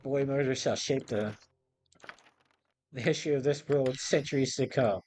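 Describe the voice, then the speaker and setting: A man's voice: mid-range voice, moderate pace, darkish tone, a little hiss or hum. A man hosting a game playthrough, chatting casually and reading game dialogue aloud. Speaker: gameplay host.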